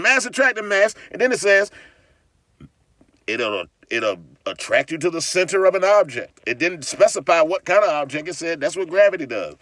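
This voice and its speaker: A man's voice: on the high side, a bit bright, no room sound. A man delivering a heated, profane vlog rant, mocking his critics and often restarting or repeating words. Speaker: vlogger. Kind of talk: ranting vlog monologue.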